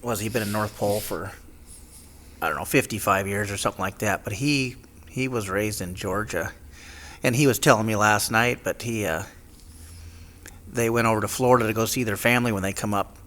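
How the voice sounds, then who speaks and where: A man hosting a casual chat, making quick joking asides. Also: on the low side, a bit bright.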